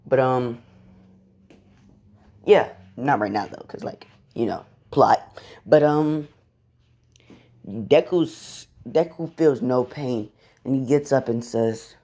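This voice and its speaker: A man's voice: mid-range voice, takes it slowly, pauses often, dark tone. A young man casually retelling a fan story from his bedroom, rambling and swearing offhandedly. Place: bedroom at home.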